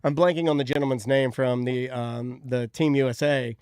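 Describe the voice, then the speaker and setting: A man's voice: medium pitch, fairly even intonation, normal speed, a little mellow, clean tone, no echo, clean studio sound. A man co-hosting a casual podcast, chatting loosely and laughing often. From United States. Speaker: podcast co-host. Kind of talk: casual chat.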